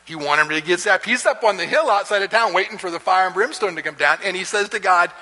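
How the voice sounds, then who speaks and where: A man's voice: sits high, fast talker, pushed and bright. A man teaching a Bible class in a chatty, storytelling way, chuckling and restarting often, in an echoey hall. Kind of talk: casual lecture with storytelling.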